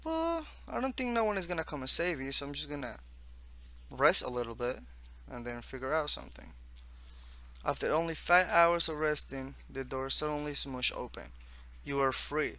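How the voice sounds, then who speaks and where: A man from the East Coast of the United States, with a fairly high, bright, forceful, and animated voice, casually tours his own text game. His reading of the screen text is halting, full of restarts and asides.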